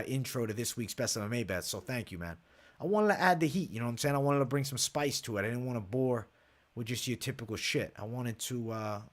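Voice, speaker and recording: Brash, profane young man hosting a live stream. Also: mid-range voice. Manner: brash, profane, hyped, reads chat aloud. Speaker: MMA livestream host. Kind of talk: casual live betting breakdown.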